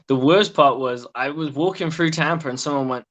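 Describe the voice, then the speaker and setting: An English man with a slightly raised pitch tells an anecdote in a loose, chatty way. He drops the odd swear word and slips into quick impressions of people he met. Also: fairly bright tone, dull audio. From England. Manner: storytelling, swears casually, mimics voices. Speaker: guest. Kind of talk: casual chat.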